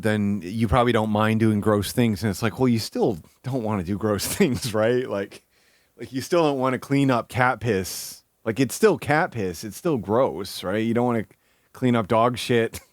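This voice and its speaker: A man's voice: medium pitch, dry recording. A young man streaming live, talking casually and rambling, with many restarts and fillers.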